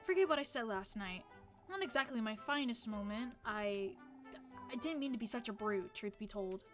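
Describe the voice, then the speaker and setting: A woman voices a curt, grumbling young village woman, lower and drier than her own voice. She speaks bluntly and sardonically, with faint game music beneath. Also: expressive, moderate pace, lightly acted. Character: gruff, sharp-tongued young village woman.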